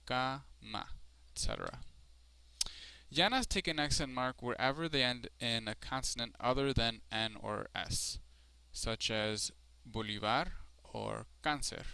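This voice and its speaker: A man's voice: mid-range voice, vocal fry, pushed and bright, smooth, no echo. A man teaching Spanish marks in a screencast lesson, explaining step by step with frequent ums and restarts. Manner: explanatory, with frequent fillers and self-corrections.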